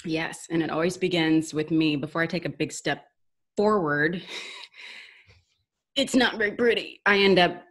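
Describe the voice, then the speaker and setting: A woman's voice: low voice, moderate pace, long pauses. A woman co-hosting a casual spiritual chat, talking in an earnest, rambling, self-questioning way. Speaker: podcast co-host.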